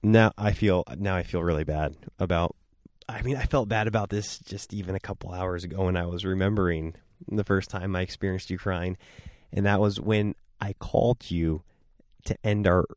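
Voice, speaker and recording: A young man with a very low, deep voice talks casually with his wife and teases her in a dry, understated way. The sound is close and dry. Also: steady tone, normal speed, darkish tone, no room sound. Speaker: podcast co-host. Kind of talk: casual chat with spouse.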